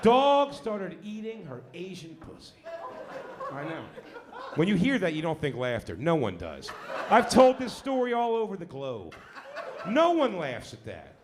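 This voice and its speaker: A man finishing a stand-up comedy set in a club, dropping to a deadpan low tone on his punchlines. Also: measured pace, a crowd in the background. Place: comedy club stage before a live audience. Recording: live club recording with audience laughter.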